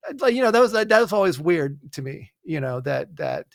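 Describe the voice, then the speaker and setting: A man in casual chat, telling a personal story haltingly with lots of fillers and restarts. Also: high-pitched, sing-song, creaky, no echo, clean studio sound. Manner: halting, many fillers and restarts, wry jokes. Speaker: podcast co-host.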